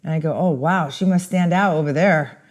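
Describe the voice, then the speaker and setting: A woman telling a story in a casual, animated way, acting out the voices of the people in it. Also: deep voice, normal speed. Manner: animated, mimics voices in her anecdote.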